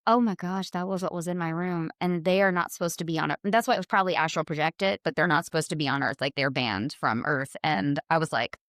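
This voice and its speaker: A woman's voice: fast, hardly any pauses, no room sound. Chatty woman telling a story, dry sound. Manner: animated, voices quotes in a high excited pitch. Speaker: podcast guest, spiritual healer. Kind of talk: casual storytelling.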